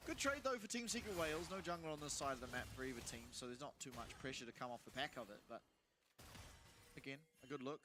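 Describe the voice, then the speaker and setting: A man's voice: mid-range voice, quick pace, noisy background. A man giving play-by-play commentary on a competitive game match. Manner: steady, analytical play calls. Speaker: esports caster.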